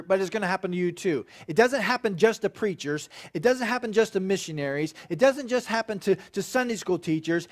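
A man preaching a sermon in a chatty style, checking in with "okay" and building to loud, emphatic points. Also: sits high. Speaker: pastor.

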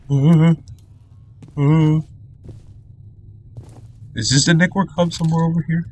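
A man's voice: fairly high pitch, fairly even intonation, slow, long pauses, darkish tone, slight background noise. A man doing let's play commentary on a horror shooter, jumpy, cursing often and muttering nervously. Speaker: gamer playing a horror shooter.

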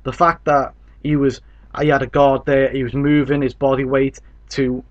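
A man from Britain talks boxing in a loose, unscripted rant. He is blunt and swears freely, and his voice sits in an ordinary middle pitch as he gets fired up. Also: flat delivery, normal speed, lo-fi sound. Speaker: boxing commentator. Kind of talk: casual opinion commentary.

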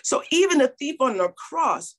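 A woman's voice: high voice, sing-song, normal speed. A woman pastor preaching a sermon, acting out Bible figures in quoted voices and calling out to her congregation. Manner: preaching with call-and-response.

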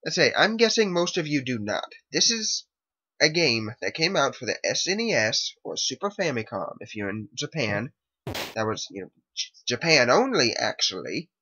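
A man's voice: medium pitch, very animated, normal speed, sharp tone, slightly rough. A man hosting a let's play, giving casual, rambling commentary and correcting himself as he explains the game. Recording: lo-fi with game music behind.

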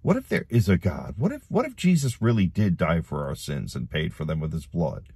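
A deep-voiced man with a husky edge pleads urgently with the camera, circling back on his words. His voice sounds close and dry, with no room around it. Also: big pitch swings, brisk, a little mellow, no echo. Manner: urgent, pleading, repeats himself. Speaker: online preacher. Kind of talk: gospel appeal to camera.

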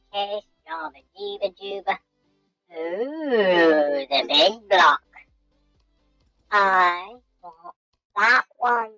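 A woman hosting a let's-play game commentary, goofy and excitable, talking to herself and making silly sound effects. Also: medium pitch, no echo. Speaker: gaming channel host. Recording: dull lo-fi dry recording.

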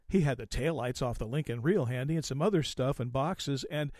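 A man hosting an automotive podcast, telling a story in a folksy, animated way and acting out the quoted lines. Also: mid-range voice, fairly quick, dry recording, studio quality. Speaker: podcast host.

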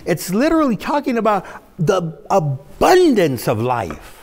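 A man preaching a sermon as a pastor, in an animated, dramatic style with sudden swoops up in pitch. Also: a little slow, big-room sound.

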